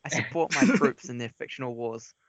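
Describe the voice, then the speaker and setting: A man's voice: mid-range voice, brisk, crowd noise. A man, co-hosting a casual podcast chat and making dry joking asides. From New Zealand. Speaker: podcast co-host. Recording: dull lo-fi audio.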